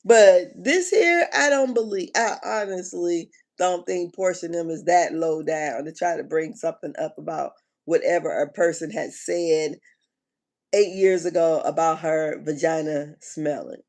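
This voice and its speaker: A woman chatting casually on a live stream, animated and slangy, often laughing and exclaiming. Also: sits low, a little slow. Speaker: reality TV commentator.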